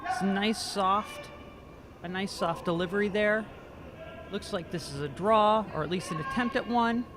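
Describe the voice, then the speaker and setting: A man's voice: sits high, a little slow, noisy background. A man doing amateur commentary on a curling game, joking and self-deprecating and stumbling over players' names. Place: curling rink.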